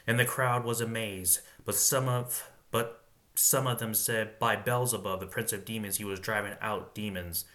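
A man's voice: on the low side, fairly even intonation, moderate pace, a bit bright. A man reading Bible passages aloud and stopping to muse on them, chuckling often as he comments.

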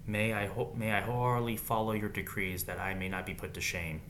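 A man's voice: fairly low pitch, little pitch movement, fast talker, fairly bright tone, a little hiss or hum. A man reading Bible verses aloud in a casual way, breaking off now and then with slangy comments of his own.

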